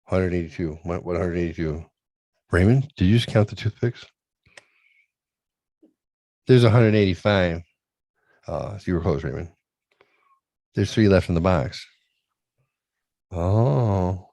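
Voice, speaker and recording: Crude rambling dude hosting a show, dark mellow tone, dry close sound. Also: male voice, low voice, a little slow, creaky, long pauses, no room sound. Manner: profane, rambling, acts out voices in anecdotes. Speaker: podcast host. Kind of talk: crude comedic chat.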